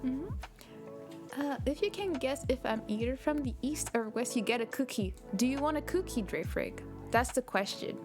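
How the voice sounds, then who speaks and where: A woman's voice: high voice, lively intonation, normal speed. A young woman streaming live, chatting casually with viewers, answering their questions and laughing often. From Canada. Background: background music.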